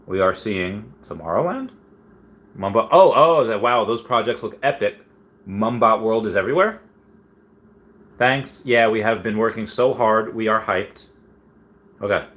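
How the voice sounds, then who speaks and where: A man hosting a casual livestream, reading viewer comments aloud and rambling excitedly. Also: on the low side, measured pace, long pauses. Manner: excitable, rambling, many restarts and squeals. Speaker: livestream host.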